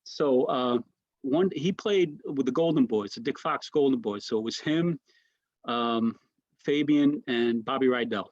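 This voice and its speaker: Speaking a little slowly in a mid-range voice, a male comedian shares stories during a casual interview, frequently starting over and adding "right?" as an aside. He comes across as an animated storyteller. There's no echo, though the highs are cut off.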